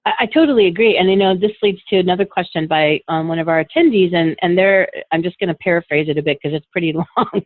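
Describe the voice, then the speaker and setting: A woman's voice: fairly low pitch, quick pace, hardly any pauses, no room sound. A woman hosting a webinar, friendly and agreeable as she reads out attendee questions. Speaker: webinar host. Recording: tinny phone-like call audio, dry.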